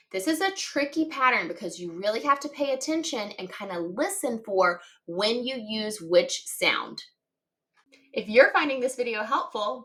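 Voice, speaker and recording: Her voice sits on the high side, bright and forceful, as she gives young children a slow, carefully enunciated phonics lesson. She patiently sounds out each letter and word in turn and cheers her listeners on.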